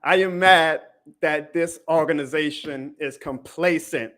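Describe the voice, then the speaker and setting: A man's voice: a little high, a little slow, fairly bright tone. A man hosting a sports podcast, ranting emphatically and profanely to his listeners. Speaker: podcast host.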